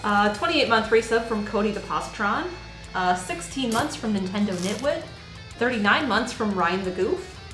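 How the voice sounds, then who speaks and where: A woman on a stream reading out subscriber shout-outs in a casual, lively way. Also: mid-range voice, moderate pace, roomy sound, faint music behind, rough recording. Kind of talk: casual chat.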